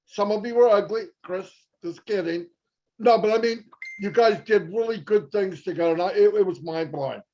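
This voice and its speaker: A man's voice: high voice, moderate pace, dark tone, lo-fi sound. An older man giving an effusive, joking motivational talk on a livestream.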